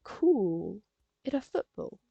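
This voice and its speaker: A woman's voice: medium pitch, big pitch swings, takes it slowly, vocal fry, mellow, husky, dry recording, muffled recording. A teenage girl from England, rambling casually on a live stream while she draws, full of fillers. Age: teens. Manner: rambling, chatty, frequent fillers. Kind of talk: casual chat while drawing.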